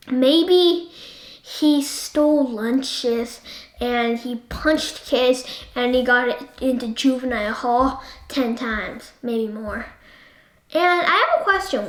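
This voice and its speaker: A woman with a high voice talks through a book at an unhurried pace, rambling and turning to the listener with question after question. Her voice rings in an echoey room. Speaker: book discussion host. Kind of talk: casual book discussion.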